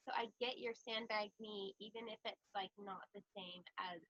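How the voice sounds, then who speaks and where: A woman's voice: medium pitch, steady tone, normal speed, fairly bright tone, dry recording, lo-fi sound. A young woman co-hosting a comedic casual chat in playful Valley Girl style.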